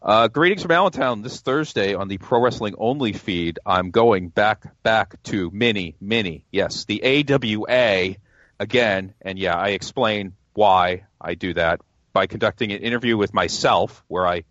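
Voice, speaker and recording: A man's voice: on the low side, normal speed, a bit bright, dry recording, dull audio. A man co-hosting a podcast, joking and self-deprecating in casual chat. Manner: jokey, self-deprecating, laughs often. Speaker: podcast guest co-host.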